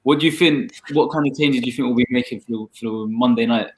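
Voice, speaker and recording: A man's voice: medium pitch, fairly quick. A man co-hosting a football chat, casual and slangy. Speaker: football podcast co-host.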